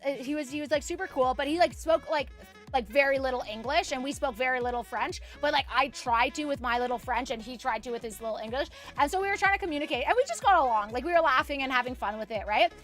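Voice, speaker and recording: A woman's voice: high voice, a bit bright. A young woman with a Canadian accent chatting casually with viewers while sewing, telling a story in a rambling way full of "like"s and laughs. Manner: rambling, many "like"s and restarts, laughs a lot. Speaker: vlogger chatting with live viewers.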